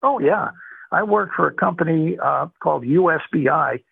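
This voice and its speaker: Gravelly older man, tinny phone-like sound. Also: on the high side, lively intonation, moderate pace, no room sound. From Boston. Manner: rambling, warm storytelling with many fillers. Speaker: interviewee. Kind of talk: oral history interview.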